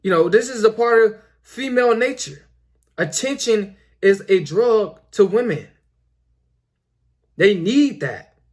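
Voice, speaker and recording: Young male host, high voice, preachy and repetitive, filler-heavy casual monologue. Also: expressive, slow pace, pauses often. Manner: repetitive, preachy, lots of "you know" fillers. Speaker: commentary video host.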